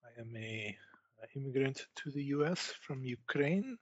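Man, tabletop game player, formal and measured, dry sound, muffled lo-fi audio. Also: mid-range voice, expressive, a bit bright, no room sound. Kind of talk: character introduction in a tabletop game.

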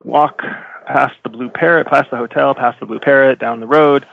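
A man narrating as game master in a tabletop game, halting with many fillers and self-corrections, on a slightly dull recording. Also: medium pitch, steady tone, vocal fry.

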